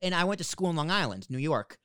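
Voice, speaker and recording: A young man with a Boston accent, hosting a podcast interview in a blunt, animated, joking way. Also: on the high side, fast talker, smooth, no room sound, clean studio sound. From Boston, USA. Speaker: podcast host. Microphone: studio microphone.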